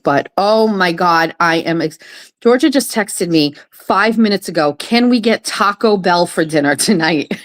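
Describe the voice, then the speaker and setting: Excitable woman live streaming. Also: lowish voice. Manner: excitable, swearing, often gasping and laughing. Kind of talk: casual live stream chat. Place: her kitchen table.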